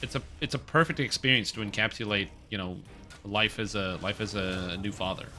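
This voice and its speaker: Bright-voiced joking male streamer. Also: on the low side, fairly quick, a little hiss or hum. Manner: joking, rambling, reading chat aloud. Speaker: game streamer. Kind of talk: casual stream chat while gaming.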